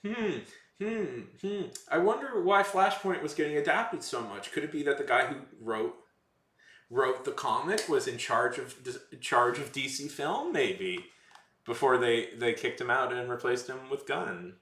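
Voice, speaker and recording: Talking with viewers in his live chat, this streamer rambles easily, catches and fixes his own words, and slips in sarcastic remarks. He has a medium-pitched, fairly bright voice with lively intonation and an unhurried delivery, heard through a roomy echo.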